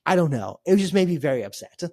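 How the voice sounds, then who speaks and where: A man tells a long-winded travel story on a casual podcast. He rambles and restarts, wry and a little exasperated, and his voice sits a bit high for a man. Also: very animated, quick pace, a little mellow, no echo, studio quality. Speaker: podcast co-host. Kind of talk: casual chat.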